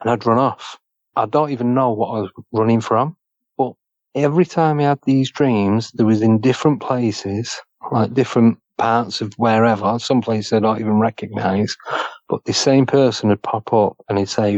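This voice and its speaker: A man from Manchester, recounting a personal experience as a podcast guest in halting, clipped fragments. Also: medium pitch, fairly even intonation, a little mellow, no echo, highs cut off. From Manchester, England.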